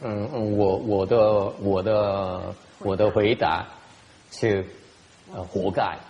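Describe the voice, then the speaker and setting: A man's voice: on the low side, fairly even intonation, takes it slowly, a little mellow, in a large hall, dull audio. A man giving a Dharma talk as a Buddhist teacher, answering questions bluntly and teasingly, often laughing and repeating words.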